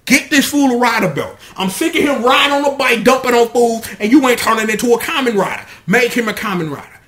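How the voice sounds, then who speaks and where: A man hosting a solo podcast, reviewing a TV episode in slangy, animated casual commentary. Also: extremely high pitch, quick pace.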